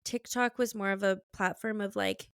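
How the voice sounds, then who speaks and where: A woman's voice: medium pitch, steady tone, normal speed, a bit bright, smooth, no echo, studio quality. Candid, chatty young woman host. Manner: candid and chatty, frequent "like" fillers, laughs easily. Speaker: podcast host. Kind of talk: casual conversational interview.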